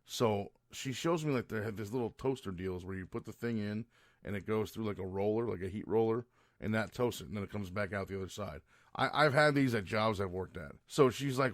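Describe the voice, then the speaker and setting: A man's voice: fairly low pitch, a little fast, no echo, clean studio sound. A man hosting a podcast, ranting in a rambling, profane monologue full of restarts. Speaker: podcast host. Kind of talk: casual monologue.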